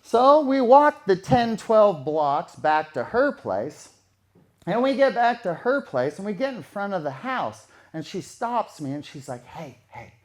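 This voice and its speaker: A man's voice: high voice, sing-song, unhurried. A man telling a true story in a casual, conversational way, repeating phrases for effect.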